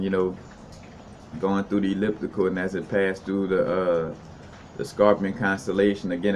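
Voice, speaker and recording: A man's voice: deep voice, slight background noise. A man hosting a casual unscripted video monologue, explaining ideas in a meandering, loose way.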